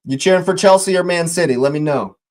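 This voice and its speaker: A man's voice: on the high side, quick pace. A man hosting a live watch-along, giving fan play-by-play commentary and talking to viewers in the chat, his voice leaping up at near chances. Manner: excitable, voice leaps up on near chances; chatty, greets and talks to chat viewers.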